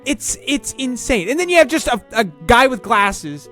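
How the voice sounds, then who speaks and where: An online commentator in a casual video, excitable and stammering, firing off rhetorical questions. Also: mid-range voice, moderate pace, faint music behind.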